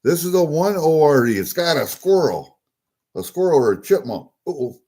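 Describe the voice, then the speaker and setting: In this casual unboxing, a male coin vlogger talks through the coins he's just pulled from a package, chatty, easily pleased, and mumbling to himself. He speaks at a moderate pace with a fairly high, expressive, mellow voice.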